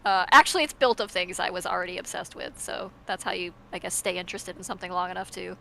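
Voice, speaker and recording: A woman's voice: lowish voice, fast, vocal fry, sharp tone, poor audio. A woman on a fan panel, talking casually and thoughtfully about making her cartoon and comic. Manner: chatty, thoughtful, laughs easily. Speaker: creator of the show.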